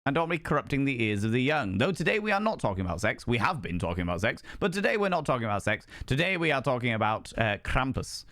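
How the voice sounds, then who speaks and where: A man's voice: mid-range voice, very animated, fast talker, hardly any pauses, fairly bright tone, no echo, studio quality. A young man chatting live with his stream viewers in a playful, theatrical way, swinging between musing and flamboyant greetings. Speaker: streamer host. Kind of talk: casual live-stream chat.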